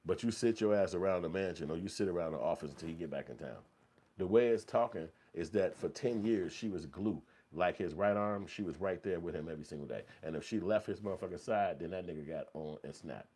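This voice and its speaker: A man's voice: low voice, a little fast, mellow, slightly rough. A man giving heated, profanity-laden commentary in a blunt, repetitive rant.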